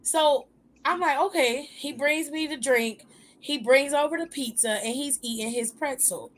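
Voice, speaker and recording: A woman hosting a talk show, retelling a personal story in a lively, animated way, with asides to her listeners. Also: high voice, measured pace. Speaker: host.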